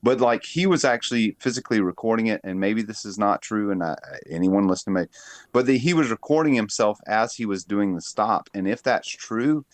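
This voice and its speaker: A thoughtful man with a low voice works through his ideas in a casual chat, stopping and restarting his sentences often. The recording is close and dry. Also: expressive, fairly quick, no echo. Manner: thoughtful, hesitant, many restarts. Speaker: show co-host.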